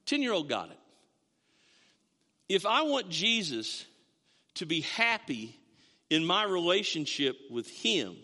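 A man's voice: high-pitched, sing-song, takes it slowly, long pauses, bright, forceful tone. A man in his fifties, a pastor preaching a sermon in a storytelling way, with self-mocking asides. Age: 50s. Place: church sanctuary. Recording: long reverb of a hall.

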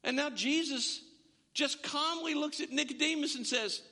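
A man's voice: very high voice, moderate pace, pushed and bright, in a large hall. A man preaching a sermon to a congregation, emphatic and often repeating words as he builds a point. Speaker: pastor.

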